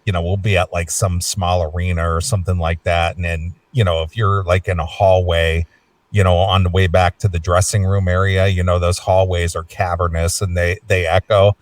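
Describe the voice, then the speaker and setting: A man's voice: low voice, little pitch movement, normal speed, no echo, far from the mic. Rambling man hosting, set back from mic. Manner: rambling, many fillers, repeats words. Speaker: host. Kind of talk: casual interview chat.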